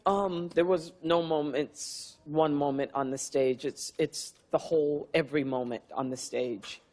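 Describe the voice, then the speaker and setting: A woman's voice: low voice, fairly even intonation, measured pace, a little mellow. A woman in her fifties, an actress answering questions backstage in a press room, speaking in a reflective, heartfelt way. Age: 50s. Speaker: award-winning actress, interview guest.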